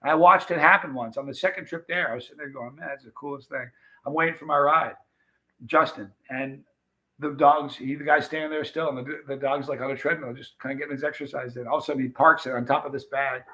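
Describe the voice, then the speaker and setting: A man's voice: medium pitch, fairly even intonation, fast talker, pushed and bright, poor audio. A man from the United States hosting a live stream, telling a rambling story in a chatty way and talking straight to his viewers. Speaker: livestream host.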